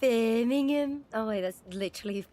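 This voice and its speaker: A British woman with a slightly high voice trades playful, swearing banter. She laughs easily while she streams a police roleplay game. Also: animated, moderate pace. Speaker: streamer playing a police officer.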